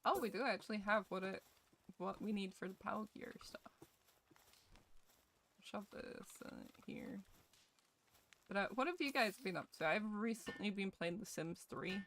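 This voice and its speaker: This gaming streamer from Scotland speaks at normal speed in a mid-range, fairly bright voice, pausing often, with slight background noise. She is young and chats casually with her viewers as she plays, cracking jokes and swearing.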